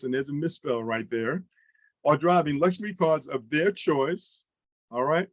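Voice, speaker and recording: A man leading an online sales training, coaching listeners with energetic questions and example pitches. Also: measured pace, dry recording, rough recording.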